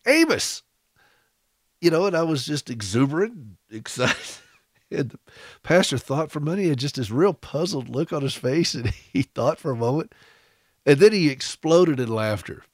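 A man's voice: medium pitch, no room sound. Radio host, man from the US, mid-range voice, dry studio sound, rambling storyteller who chuckles at himself. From United States. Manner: chatty and self-deprecating, stumbles and restarts, chuckles while telling stories. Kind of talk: radio talk, personal storytelling. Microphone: studio broadcast microphone.

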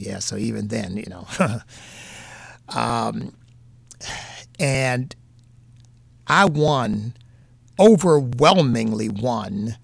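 A man's voice: medium pitch, creaky, a bit bright, husky, dry recording. A man with a New England accent giving earnest, folksy political commentary as a radio host, repeating points for emphasis.

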